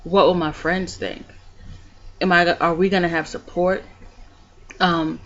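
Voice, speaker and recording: A woman vlogging about her own life, shifting between calm, soft reflection and animated retelling of scenes. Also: lowish voice, muffled recording. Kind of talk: personal storytelling vlog.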